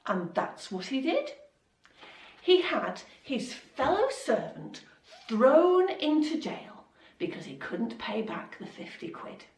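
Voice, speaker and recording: A woman telling a Bible story to children in an expressive, dramatic way. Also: high-pitched, slow pace. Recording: echoey room, voice from a distance.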